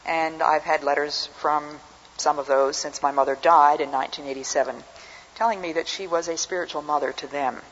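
A woman's voice: sits low, fairly even intonation, fairly quick, a bit bright. An older woman giving an earnest, reflective personal testimony as a speaker. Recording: dull recording with long hall reverb.

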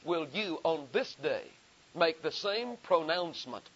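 A man's voice: fairly high pitch, animated, a bit bright, slightly rough. Preacher man with a raised voice, lo-fi. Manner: rhetorical repetition, emphatic rising delivery; slow deliberate reading of scripture. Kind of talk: sermon. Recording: dull lo-fi sermon recording.

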